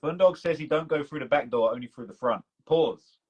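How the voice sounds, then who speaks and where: A man's voice: fairly high pitch, a little fast, a little mellow, husky, lo-fi sound. A man with a British accent, rambling in casual chat as the host of a live stream, with loose speech full of "bro" and "man". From United Kingdom. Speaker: documentary creator and host. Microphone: video call.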